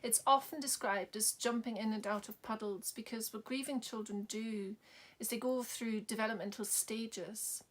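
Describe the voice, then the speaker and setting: A woman, a bereaved mother, tells a personal story in a soft-spoken way, sometimes dropping to a whisper. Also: a little high, steady tone, normal speed.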